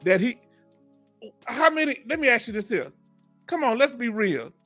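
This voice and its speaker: Southern Texan male stream host, bright and high, jokey, chats with viewers. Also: very animated, normal speed, faint music behind. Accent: Southern US (Texas). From Houston, Texas. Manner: joking, laughs often, talks to chat viewers. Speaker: veteran livestream host. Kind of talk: casual live-stream chat.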